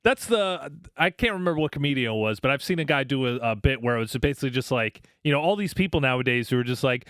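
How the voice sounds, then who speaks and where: A man's voice: medium pitch, quick pace, hardly any pauses, clean tone, dry recording, studio quality. A man co-hosting a podcast, chatting casually and ranting with heavy swearing and mocking quoted voices. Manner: profane, animated rants with mocking put-on quotes. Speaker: podcast co-host. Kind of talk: casual chat.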